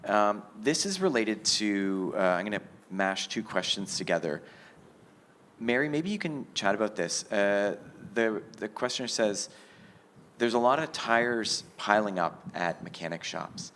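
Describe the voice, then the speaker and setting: A man's voice: on the low side, lively intonation, measured pace, fairly bright tone, a little hiss or hum. A man moderating a panel at a public meeting, easygoing and hesitant with fillers. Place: meeting hall.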